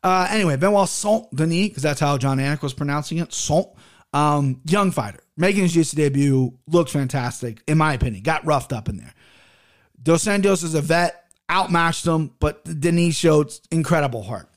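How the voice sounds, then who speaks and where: A man's voice: on the high side, fairly quick. Blunt, profane man ranting about fights. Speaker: podcast host reviewing fights. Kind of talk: casual solo commentary. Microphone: headphones and desk mic.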